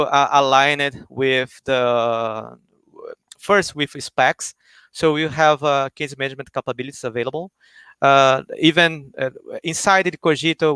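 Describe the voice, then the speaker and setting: Man explaining software on a video call. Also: medium pitch, moderate pace, clean tone, no room sound. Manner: many fillers and restarts, explanatory. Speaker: guest speaker, software engineer. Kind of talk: technical explanation on a live stream.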